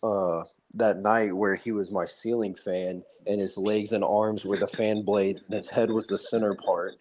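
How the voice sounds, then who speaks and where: A man putting on a calm male ex-soldier who tells grisly war stories in a flat, nonchalant, unhurried way. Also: fairly low pitch, slight background noise, lightly acted.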